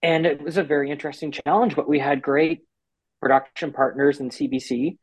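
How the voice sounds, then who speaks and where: A man giving an interview about a TV series he works on, talking with lively restarts and acted-out quotes. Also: fairly high pitch, slightly rough, no room sound, low-quality recording. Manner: animated, quick restarts and quoted asides.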